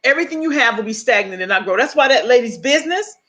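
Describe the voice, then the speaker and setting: A middle-aged woman speaking as a guest on leadership, emphatic and animated, acting out bits of dialogue as she teaches. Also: a little high, fast talker. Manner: emphatic, acts out quoted dialogue.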